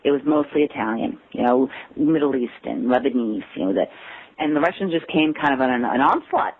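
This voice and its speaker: A woman's voice: extremely low pitch, fairly quick, slightly rough. An American woman talking as an interview guest, telling stories and acting out quotes with a laugh. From United States. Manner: animated storyteller who acts out quotes and laughs. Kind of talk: casual interview conversation. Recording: tinny phone line.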